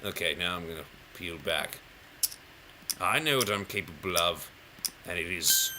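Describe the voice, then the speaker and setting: A man's voice: sits low, expressive, a little slow, pauses often, bright, forceful tone, slight background noise. A man giving casual, rambling gameplay commentary, playful and self-mocking, counting numbers aloud as he plays. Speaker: gaming channel host.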